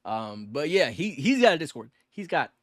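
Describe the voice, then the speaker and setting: A young man co-hosting a podcast, talking fast and loose with lots of slang, cursing and filler words. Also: fairly high pitch, sing-song, no room sound, clean studio sound. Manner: fast, rambling, slangy and profane, with many fillers. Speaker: podcast co-host. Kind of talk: casual podcast chat.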